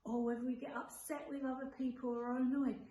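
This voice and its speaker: A woman, a children's church leader, gently and earnestly explaining a Bible lesson to children. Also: high-pitched, flat delivery, fast. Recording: echoey room with faint background noise.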